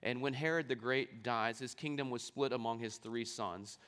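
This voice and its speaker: A man's voice: medium pitch, normal speed, fairly bright tone, smooth. A man preaching a sermon, reading scripture aloud and explaining it, asking rhetorical questions along the way. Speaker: pastor.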